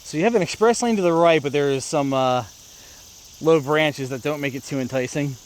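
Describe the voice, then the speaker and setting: On a park course outdoors, an American man plays disc golf and talks viewers through it in a loose play-by-play vlog, narrating himself in a chatty way. His voice runs on the high side at a slightly quick pace, and a faint hiss or hum can be heard.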